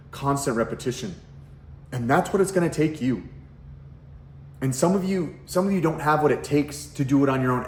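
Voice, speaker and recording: A middle-aged man who works as a parenting coach speaks bluntly to the camera at home, with a kitchen nearby, swearing a lot and tossing out rhetorical questions. His mid-range voice sounds reverberant, with a faint hiss or hum. It's a casual direct-to-camera talk.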